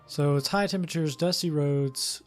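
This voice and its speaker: A man's voice: on the high side, moderate pace, soft background music. A young man playing a game, chatting casually with fillers and reading its story text aloud. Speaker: let's play host.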